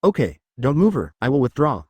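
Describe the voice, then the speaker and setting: A man voicing a calm, terse young male ninja hero. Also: mid-range voice, fairly quick, breathy edge, no echo.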